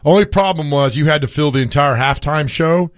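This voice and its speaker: A man's voice: on the high side, a little fast. A man co-hosting a sports radio show, telling stories with frequent laughter, his voice worn from screaming. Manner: storytelling, laughs often. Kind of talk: casual sports radio chat.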